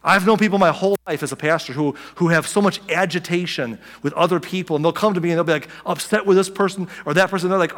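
Male pastor, slightly higher voice, casual preaching style with frequent asides, long hall reverb. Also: quick pace, hardly any pauses, fairly bright tone. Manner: conversational preaching with many asides and restarts. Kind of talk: sermon.

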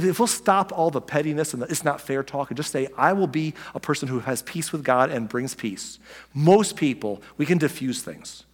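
A man's voice: a little high, long reverb tail. A male pastor delivering a conversational sermon, full of asides, restarts and quoted voices.

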